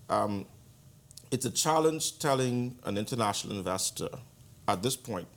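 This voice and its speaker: Man, very low voice, deliberate interview guest. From Bahamas. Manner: measured, deliberate, with frequent restarts. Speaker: guest economic commentator. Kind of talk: interview answer.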